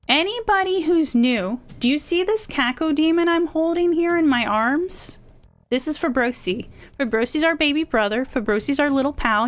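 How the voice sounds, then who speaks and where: A woman streaming a video game, chatting casually and playfully with her viewers and swearing now and then. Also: high voice. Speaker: VTuber streamer. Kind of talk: casual gameplay chat with viewers.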